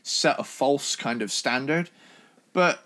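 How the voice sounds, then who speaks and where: A man's voice: mid-range voice, takes it slowly, pushed and bright. Enthusiastic man giving opinions. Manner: enthusiastic, swears casually. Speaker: podcast co-host. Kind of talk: casual chat.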